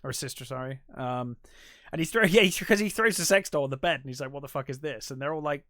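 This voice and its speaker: A man co-hosting a podcast, casually retelling a movie's scenes and acting out quick quotes from the characters, with the odd swear. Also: a little high, expressive, a bit bright, dry recording, clean studio sound. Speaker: podcast co-host. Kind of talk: casual film recap chat.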